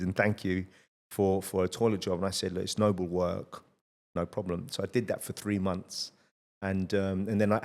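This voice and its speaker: Blunt, low-voiced man telling stories. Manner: blunt, swears freely, energetic anecdotes. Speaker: podcast host. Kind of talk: casual conversational storytelling.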